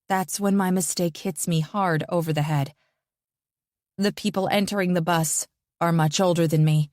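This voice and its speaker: A woman narrating a first-person psychological thriller audiobook in a tense, measured way. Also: fairly low pitch, fairly even intonation, darkish tone, dry recording, studio quality.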